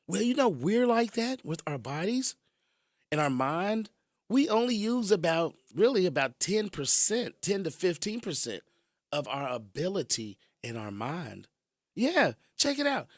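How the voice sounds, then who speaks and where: A man hosting a radio show, telling stories in an animated way and chuckling as he talks. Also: sits high, unhurried, dry recording, studio quality. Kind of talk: casual radio storytelling.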